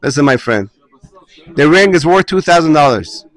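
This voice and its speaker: A man voicing a generous middle-aged diamond dealer who speaks calmly and kindly, within a retold story. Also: a little high, moderate pace, voice pushed down, close to an everyday voice. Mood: reassuring.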